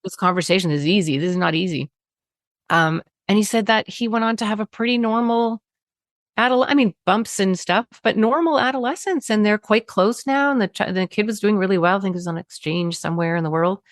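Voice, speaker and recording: A woman, a parenting expert telling stories in an interview, animated, acting out quotes and laughing often. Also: medium pitch, fairly quick, no room sound, studio quality. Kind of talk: conversational storytelling interview.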